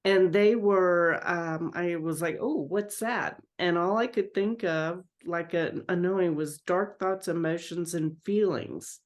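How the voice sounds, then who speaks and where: A woman's voice: on the low side, steady tone, unhurried, hardly any pauses. A woman in a meditation group describing her vision, telling it in a rambling way with many fillers. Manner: rambling, filler-heavy storytelling. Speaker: participant.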